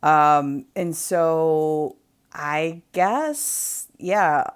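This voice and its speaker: Woman with a low voice rambling through a story at home, lots of um and like, new england. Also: very slow, clear, resonant tone. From New England, USA. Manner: chatty and rambling, full of "um" and "like". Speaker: craft livestream host. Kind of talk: casual chat storytelling. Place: home, near the kitchen.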